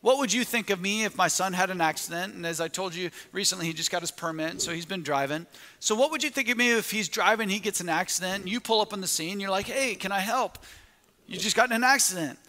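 A man's voice: sits high, fast, sharp tone, long reverb tail. A man preaching a sermon, telling a story with quoted asides and frequent restarts.

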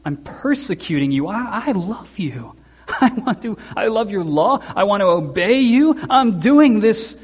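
A zealous young man, thrown by what he has just heard, pleads in confusion, as a preacher acts him out. The voice sits fairly high, and the words hang in the long reverb of a large hall. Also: big pitch swings, measured pace, slightly rough, exaggerated voice. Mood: baffled pleading. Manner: rising protest sinking to a whisper.

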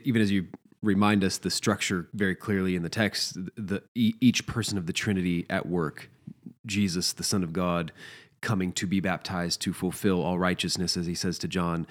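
Deep-voiced man reflecting on scripture. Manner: reflective, with fillers and restarts. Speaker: co-host in a pastoral discussion. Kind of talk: casual theological discussion.

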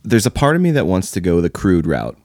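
A man's voice: low voice, wildly swooping pitch, fairly quick, darkish tone, dry recording, studio quality. A man talking loosely in a casual podcast chat, rambling with many fillers and telling stories. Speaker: podcast guest.

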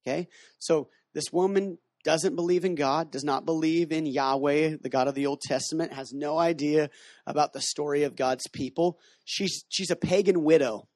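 Slangy, fairly high-voiced male preacher. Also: normal speed, dry recording, studio quality. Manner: casual, slangy, animated storytelling. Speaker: missions base director teaching. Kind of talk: casual sermon teaching and Bible reading.

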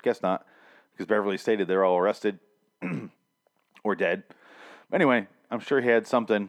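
A man with a rather low voice recapping a TV season in a loose, rambling way. He swears freely and keeps cracking jokes and going off on tangents. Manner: rambling, profane, wisecracking. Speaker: TV show reviewer. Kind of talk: casual recap vlog.

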